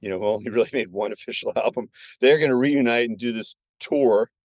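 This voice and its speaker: A man in his sixties, a filmmaker guest on a podcast, telling stories in an animated, excitable way. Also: medium pitch, fast talker, no echo, clean studio sound. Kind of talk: casual podcast chat.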